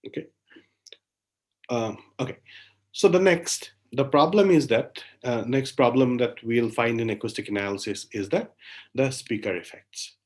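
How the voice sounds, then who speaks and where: A man's voice: mid-range voice, unhurried. Man explaining, checking in with "right?". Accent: Indian English. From India. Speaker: lecturer. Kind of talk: academic lecture.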